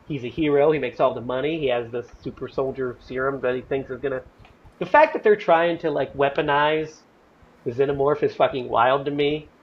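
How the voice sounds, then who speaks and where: Animated man hosting a movie chat. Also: medium pitch, brisk. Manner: animated, profane, retells scenes with quoted lines. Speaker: podcast host. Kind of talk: casual movie discussion. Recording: slightly dull audio with faint noise.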